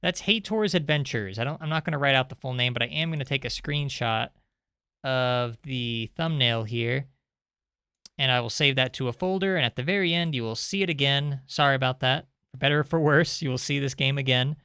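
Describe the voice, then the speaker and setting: A man's voice: medium pitch, brisk, pushed and bright, clean tone, no echo, studio quality. A young man streaming indie games, chatting casually and sarcastically while reading the game's text aloud. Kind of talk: casual live-stream commentary.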